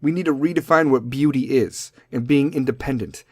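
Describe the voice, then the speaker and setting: A man's voice: brisk, darkish tone, no room sound, studio quality. A middle-aged man hosting a podcast, ranting profanely about parenting and drifting off on tangents. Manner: profane, tangent-prone, mimics kids in high squeaky voices. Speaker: podcast host. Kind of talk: profane comedic rant.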